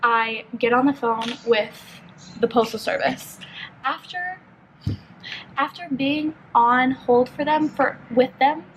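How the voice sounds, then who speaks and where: Young female vlogger from California, high voice, chatty and filler-heavy, telling a story while doing her makeup at home. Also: a little slow, slight background noise, rough recording. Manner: chatty, filler-heavy, animated retelling with lots of "like". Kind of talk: casual get-ready-with-me storytelling.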